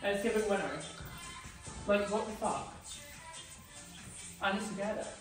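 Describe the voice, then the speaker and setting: Over soft background music, a male drag performer vlogs casually into his phone in a high-pitched voice at a measured pace. He's chatty and excitable, leaning on "literally" and "um."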